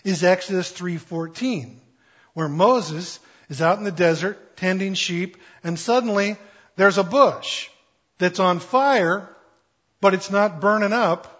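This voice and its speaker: Man preaching, husky voice, slightly high, joking conversational delivery, muffled lo-fi sound. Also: slow pace, fairly bright tone. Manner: conversational, playful, acts out quotes with jokes. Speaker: pastor. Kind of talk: sermon.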